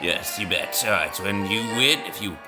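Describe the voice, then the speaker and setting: A man's voice: lowish voice, expressive, normal speed, over music. A man rambling through casual, self-mocking commentary while he plays brain-training games. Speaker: gaming video host.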